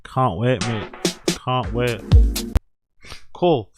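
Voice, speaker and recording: A young adult man hosting a show, reading news aloud and reacting with excited, swearing asides. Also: medium pitch, drawn-out words, over loud music. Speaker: host.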